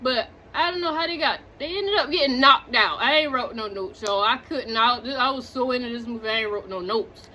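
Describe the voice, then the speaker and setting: Chatty high-voiced woman recapping a movie. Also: a little fast, few pauses, slight background noise. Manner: animated and chatty, talks straight to viewers, drifts off on tangents. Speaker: movie reviewer.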